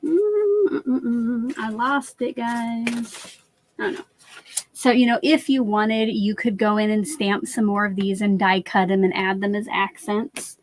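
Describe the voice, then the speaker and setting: A woman's voice: medium pitch, level tone, measured pace, a little hiss or hum. A woman hosting a live crafting stream who stands while she works and chats to viewers as she walks them through each step. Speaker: crafting channel host.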